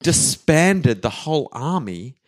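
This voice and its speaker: A man co-hosting a casual history podcast, telling the story with animated flair and quick voices for the people in it. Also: fairly high pitch. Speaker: podcast co-host.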